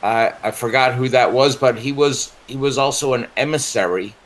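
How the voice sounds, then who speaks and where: A man hosting a talk show, speaking in a halting way with many pauses and fillers. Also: medium pitch, rough recording. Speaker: radio show host. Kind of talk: casual interview chat.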